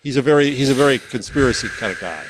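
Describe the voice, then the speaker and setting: A man's voice: mid-range voice, expressive, fast talker, over a noisy crowd. A man co-hosting a podcast, chatting casually and hesitantly with many fillers. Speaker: podcast co-host. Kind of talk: casual panel chat.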